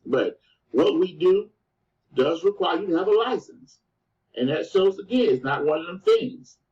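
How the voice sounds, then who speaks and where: A man giving a motivational sales presentation, telling his story in an animated way and often calling the listeners "guys" and "man". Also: high-pitched, moderate pace. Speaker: business presenter. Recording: distant, dull lo-fi sound.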